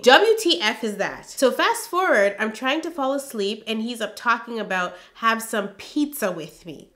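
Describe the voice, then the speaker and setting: A woman with a bright, clear voice reads her old journal aloud for a storytime vlog. She stops often for emphatic, exasperated comments of her own. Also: medium pitch, lively intonation, unhurried, hardly any pauses. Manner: emphatic, exasperated asides between read-out passages.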